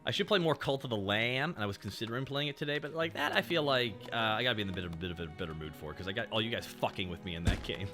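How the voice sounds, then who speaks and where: A man's voice: on the low side, very fast, few pauses, music in the background. A man chatting casually and joking with profanity while he streams a game. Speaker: VTuber streamer.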